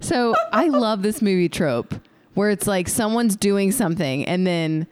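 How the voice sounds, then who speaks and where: A woman chatting casually with her sister about a movie, with lively reactions and some swearing. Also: medium pitch, measured pace, clear, resonant tone, dry recording. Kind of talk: casual chat.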